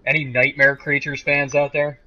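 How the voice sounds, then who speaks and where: A man's voice: on the high side, flat delivery, moderate pace, highs cut off. A man casually commenting while he streams a video game, joking and chatting with viewers. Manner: joking, sarcastic, talks to chat viewers.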